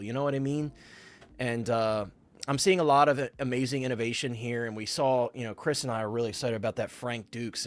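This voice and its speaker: A man co-hosting a live stream, chatting casually and eagerly, rambling with many fillers and restarts while answering viewer comments. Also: mid-range voice. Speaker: livestream co-host.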